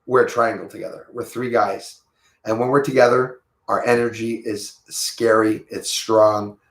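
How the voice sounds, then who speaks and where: A man's voice: fairly low pitch, level tone, normal speed, roomy sound. A man with a Quebec accent hosts a casual livestream, rambling and greeting viewers by name as he reads their comments. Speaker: livestream host.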